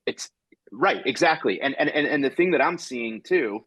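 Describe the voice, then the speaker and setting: A male comedian hosting a podcast, talking in a rambling, animated way and acting out quoted exchanges as he tells a story. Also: medium pitch, moderate pace, breathy edge, no echo, low-quality recording. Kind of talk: casual chat.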